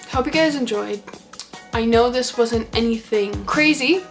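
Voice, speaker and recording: A woman's voice: fairly high pitch, slow pace, over music. A young woman in her late teens telling a story in casual vlog chat, peppering her talk with "like" and the odd swear word. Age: young adult. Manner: chatty, heavy use of "like", swears. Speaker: vlogger.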